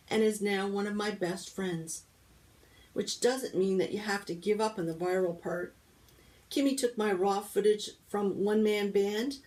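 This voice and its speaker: A woman reads a children's novel aloud as a storybook read-aloud, with lively first-person narration. Her pitch is ordinary for a woman. The mic sits a little away from her. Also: recorded from a distance, poor audio. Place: library.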